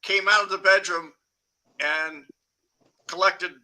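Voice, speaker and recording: A man's voice: high voice, steady tone, slow, a crowd in the background, poor audio. A man from Chicago, a guest in a casual chat, telling blunt anecdotes and laughing easily.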